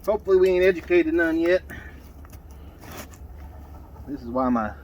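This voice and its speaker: A man's voice: fairly high pitch, expressive, normal speed, lo-fi sound, slight background noise. Folksy man trapping outdoors. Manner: folksy, rambling with many fillers. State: out of breath. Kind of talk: outdoor vlog narration. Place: outdoors by ponds.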